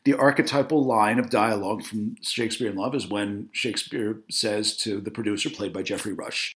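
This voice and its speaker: A man's voice: lowish voice, fairly even intonation, normal speed, a bit bright. A man giving a spoken video essay on film, opinionated and talkative, with frequent fillers and self-corrections.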